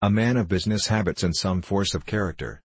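A man's voice: low-pitched, brisk, slightly rough, no room sound. A man reading the part of an earnest, impulsive young army doctor, speaking emphatically.

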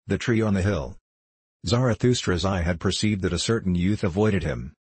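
A man narrating an audiobook of an archaic text in a measured, even, unhurried way. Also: low-pitched, breathy edge, no echo, poor audio.

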